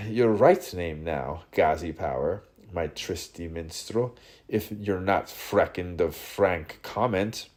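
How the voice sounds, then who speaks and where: A man with a fairly low voice reads a dense literary text aloud for an audiobook. He takes his time, an unhurried, deliberate delivery, and he plays the quoted speakers theatrically, jumping up in pitch and volume for one and dropping low for another. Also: darkish tone. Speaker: audiobook reader.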